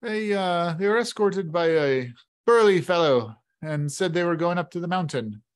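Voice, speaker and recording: A man voicing a folksy male tavern keeper who talks in a rustic drawl and pauses to think mid-sentence. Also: high-pitched, animated, clear, resonant tone, pitched above the performer's own voice. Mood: gossipy, grim.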